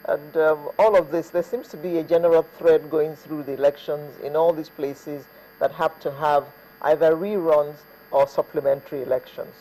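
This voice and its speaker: A man with a somewhat high voice hosting a morning TV talk show from a studio. He talks in a loose, chatty way, often pausing with fillers, and introduces the guests. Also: flat delivery, mellow, slight background noise, rough recording. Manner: chatty, hesitant fillers, reads names off a list. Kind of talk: TV news talk show presenting.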